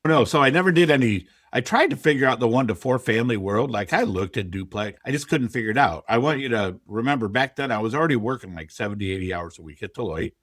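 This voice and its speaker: A man's voice: mid-range voice, animated, fast talker, hardly any pauses, fairly bright tone, no echo, clean studio sound. A middle-aged man, a podcast guest, telling his story candidly and quoting his own past thoughts. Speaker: podcast guest, real estate investor. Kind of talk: conversational interview storytelling.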